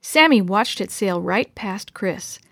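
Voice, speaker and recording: A woman reading a children's chapter book aloud in a gentle, expressive storyteller voice. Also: mid-range voice, slow, creaky, no room sound, clean studio sound.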